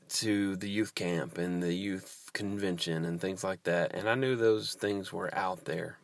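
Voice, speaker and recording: A man with a deep, low voice tells a personal church story, wandering through asides and restarting his sentences. The sound is dry and close, with no room echo. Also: gravelly, a bit bright. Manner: rambling, many restarts and fillers, self-deprecating asides. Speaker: youth pastor.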